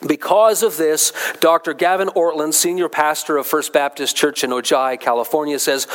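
A man preaching a sermon in a conversational way, with asides and restarts, rising in pitch and force when he stresses a point. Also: steady tone, normal speed, few pauses. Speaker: pastor.

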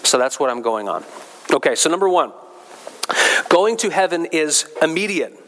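A man preaching a sermon in a conversational way, with asides and restarts, rising in pitch and force when he stresses a point. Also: very animated, normal speed, a bit bright, a little hiss or hum. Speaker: pastor.

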